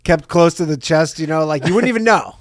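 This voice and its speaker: High, lively man trading quips. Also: dry recording, clean studio sound. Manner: quick deadpan quips, often laughing. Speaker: podcast co-host. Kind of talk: casual comedy chat.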